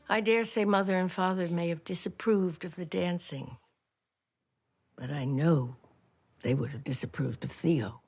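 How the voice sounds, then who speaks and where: A gentle elderly former war nurse looking back on her youth. She speaks softly and reflectively in a somewhat low voice, slipping into a whisper now and then. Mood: wistful. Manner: soft, reflective, drops to a whisper at times. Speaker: former wartime nurse recalling her past. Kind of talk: first-person docudrama narration.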